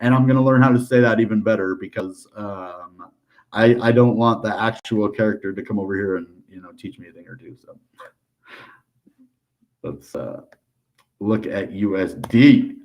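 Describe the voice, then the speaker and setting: A man's voice: fairly low pitch, moderate pace, highs cut off. An American man hosting a crypto channel, talking casually through price charts with lots of filler words and upbeat asides. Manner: chatty, upbeat, lots of ums and dude. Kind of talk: casual chart analysis livestream.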